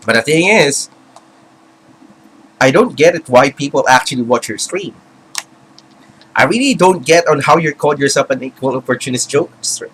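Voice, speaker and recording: A man's voice: on the high side, animated, moderate pace, pauses often, a bit bright, slightly rough, poor audio. A man giving an impassioned, rambling commentary rant, with many fillers and restarts. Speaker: video commentator. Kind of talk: ranting commentary.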